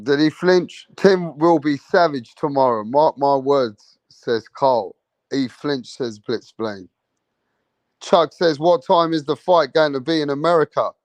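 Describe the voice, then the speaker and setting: A man's voice: fairly high pitch, a little slow, dry recording. A young man hosting a boxing livestream, chatting casually with plenty of slang, repeating himself and reading out viewer comments. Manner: repetitive, slangy, reads viewer comments aloud. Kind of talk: casual live chat.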